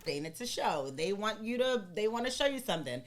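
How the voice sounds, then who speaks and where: A woman's voice: mid-range voice, fairly quick, crowd noise. Blunt, profane woman podcaster. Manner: blunt, profane, animated storytelling. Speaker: podcast co-host. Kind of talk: casual podcast chat.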